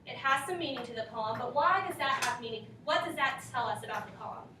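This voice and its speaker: A woman teaches a class, reading to her students, questioning them and prompting for answers. Her voice is high-pitched and a little fast, picked up from far off in an echoey classroom with a noisy background.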